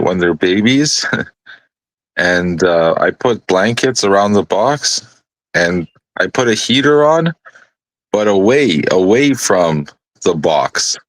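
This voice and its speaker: A man's voice: on the low side, no echo. Profane, rambling storyteller man, dry mic. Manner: rambling, profane anecdote telling. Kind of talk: casual storytelling on a live panel.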